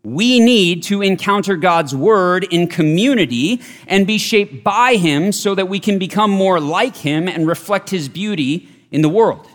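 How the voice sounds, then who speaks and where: A man's voice: sits high, animated, a little slow, few pauses. A man preaching a sermon, earnest and emphatic, often repeating his key phrases. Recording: long reverb of a large hall.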